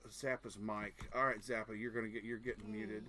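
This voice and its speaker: A man's voice: lowish voice, little pitch movement, a little fast, bright, forceful tone. A man streaming a game, chatting casually in a rambling, joking and crude way. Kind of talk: casual gaming chat.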